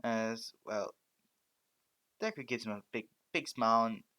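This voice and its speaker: A man narrating a fan story off the cuff, halting often with restarts and stumbles. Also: fairly low pitch, pushed and bright.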